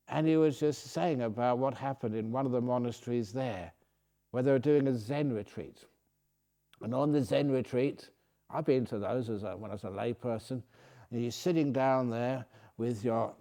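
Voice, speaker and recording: An older man with a British accent, a Buddhist monk giving a chatty, storytelling meditation talk at a retreat, chuckling often and going soft when he speaks of silence. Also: medium pitch. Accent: British English. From Britain. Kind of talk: relaxed dharma talk with anecdotes. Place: retreat centre meditation hall.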